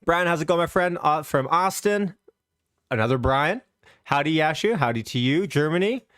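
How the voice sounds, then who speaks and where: A man's voice: on the high side, animated, normal speed, a bit bright, no room sound, clean studio sound. Upbeat man hosting a livestream. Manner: upbeat, reads out chat greetings, loose with restarts. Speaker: stock market livestream host. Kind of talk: casual livestream chat.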